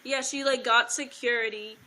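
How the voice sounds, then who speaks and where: A woman's voice: on the high side, steady tone, moderate pace, pushed and bright, low-quality recording. A young woman telling her side of a story in a casual livestream, rambling, swearing, and saying "like" constantly. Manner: rambling, heavy filler "like", swears freely.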